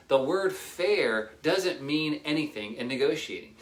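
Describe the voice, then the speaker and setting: A man giving casual real estate negotiation tips, energetic, repeating himself and acting out little dialogues. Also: mid-range voice, normal speed, hardly any pauses, reverberant. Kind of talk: casual talk to camera.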